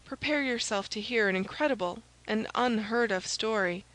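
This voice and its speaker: A woman reading as a breathless young swordsman in a storybook adventure, urgent and pressing. He speaks a little higher and louder than the narration. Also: moderate pace, no room sound, lightly acted, rough recording. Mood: confiding.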